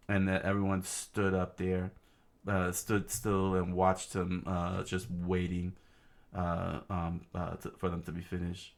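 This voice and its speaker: A man reading a comic aloud in a casual, halting way, with many fillers and asides about the panels. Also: low-pitched, monotone, vocal fry. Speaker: reader of a comic.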